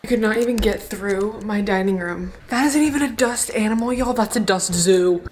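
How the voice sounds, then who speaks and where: A woman's voice: medium pitch, normal speed, roomy sound, background noise. A young woman in her twenties vlogging casually at home as a fitness creator, chatty and bubbly with lots of fillers, sometimes a bit out of breath. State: out of breath at times. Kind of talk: casual vlog talk to camera. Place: rooms of a house.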